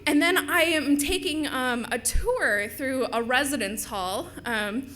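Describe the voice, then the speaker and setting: A young woman from Minnesota telling a personal story on stage to a live audience, chatty and animated. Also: sits high, takes it slowly.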